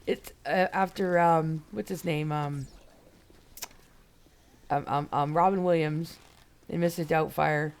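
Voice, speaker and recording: A woman's voice: low voice, steady tone, slow, long pauses, slight background noise. A woman streamer chatting casually with her viewers as she plays, rambling and greeting people by name. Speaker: game streamer. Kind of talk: casual live-stream chat while playing.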